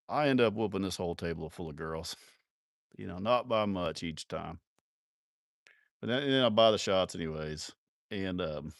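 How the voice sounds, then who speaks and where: A man's voice: lowish voice, no echo, studio quality. A man telling rowdy, profane bar stories in a live stream, often laughing as he talks. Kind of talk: casual storytelling.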